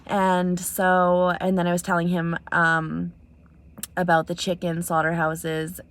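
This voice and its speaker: A woman's voice: on the low side, completely flat delivery, slow pace. A young woman from Canada telling a story in a casual vlog, earnest, with many ums, acting out both sides of a conversation. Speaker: vlogger. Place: outdoors in snow.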